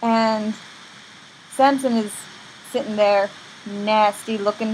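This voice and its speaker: Casting: woman storyteller, higher voice, playful and irreverent. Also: normal speed, a little hiss or hum, low-quality recording. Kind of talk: comic casual story retelling.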